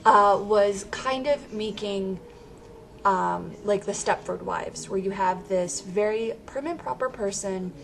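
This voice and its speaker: A woman's voice: medium pitch, gravelly. Rambling casual woman reviewing a movie. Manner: rambling, self-interrupting, laughs often.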